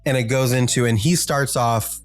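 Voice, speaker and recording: A man's voice: mid-range voice, steady tone, normal speed, dry recording, soft background music. A man co-hosting a podcast, chatting casually about an album with many fillers and bursts of sung lyrics. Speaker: podcast co-host. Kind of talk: casual music discussion.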